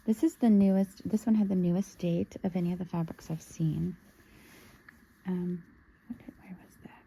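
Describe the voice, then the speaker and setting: A woman's voice: on the low side, vocal fry, mellow, slightly rough, rough recording. A woman casually showing a fabric haul, musing aloud and sometimes dropping to a near-whisper. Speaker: sewing vlogger. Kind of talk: casual show-and-tell haul.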